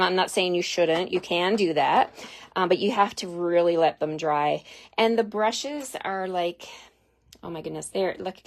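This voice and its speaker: Chatty woman teaching a craft, lowish voice. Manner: chatty and explanatory, answers viewer questions. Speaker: craft demonstrator. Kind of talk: live card-making tutorial.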